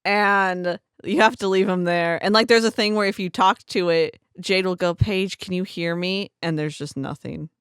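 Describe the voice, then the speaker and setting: Smooth-voiced young woman podcaster. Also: on the low side, moderate pace, few pauses, no room sound, clean studio sound. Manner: animated storyteller, acts out scenes with voices. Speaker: podcast co-host. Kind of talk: casual chat recapping a video game.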